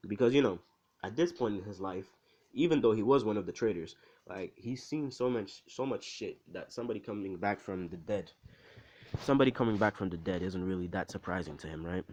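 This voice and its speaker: A man casually improvising a fan story, rambling with fillers and asides to the listener, in a low voice. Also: a little fast, a little mellow.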